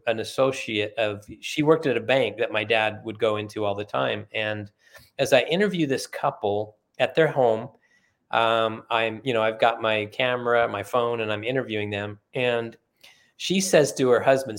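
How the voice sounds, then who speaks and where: Middle-aged male guest, earnest storyteller, mid-pitched voice, voices the people in his tale. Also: normal speed. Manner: earnest storyteller who acts out quoted dialogue. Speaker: podcast guest. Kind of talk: storytelling in conversation.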